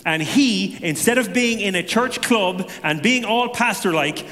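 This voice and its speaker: Guy sharing his testimony, lively and joking at his own expense, big echoey hall. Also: high-pitched, measured pace. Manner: animated storytelling with self-deprecating humor. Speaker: speaker giving a personal testimony. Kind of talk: conversational testimony to a congregation.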